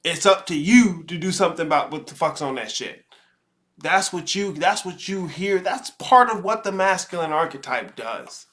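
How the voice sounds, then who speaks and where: A man with a fairly high voice lectures his listeners on a commentary show. He curses freely and piles up analogies to drive his point home. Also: lively intonation, moderate pace, a bit bright. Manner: profane, lecturing, heavy on analogies. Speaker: show host. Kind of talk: reaction commentary.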